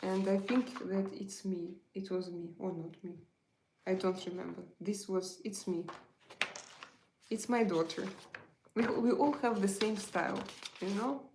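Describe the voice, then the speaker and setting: A middle-aged woman with a Russian accent hosts a relaxed live chat, speaking in a halting way and often reaching for the right English word. Her speaking voice sits in the middle of the range for a woman. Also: mid-range voice, noisy background. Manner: halting, searching for words, many fillers. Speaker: livestream host.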